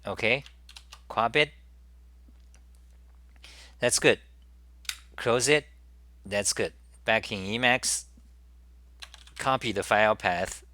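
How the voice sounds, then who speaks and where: A man hosting a live software demo, thinking aloud with halting restarts and repeated words as he works. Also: fairly low pitch. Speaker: programming tutorial host.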